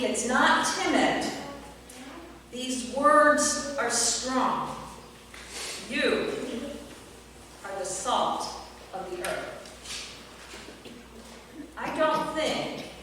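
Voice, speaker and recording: A woman pastor preaching a sermon slowly and emphatically, with long pauses. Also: high voice, a bit bright, a little hiss or hum. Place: church sanctuary. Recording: echoey church hall from far off.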